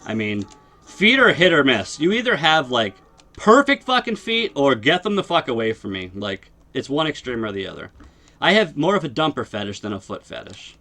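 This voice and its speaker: A man's voice: medium pitch, very animated, moderate pace, bright, forceful tone. A young man livestreaming, ranting casually and bluntly and swearing constantly. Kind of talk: casual profane rant. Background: music playing.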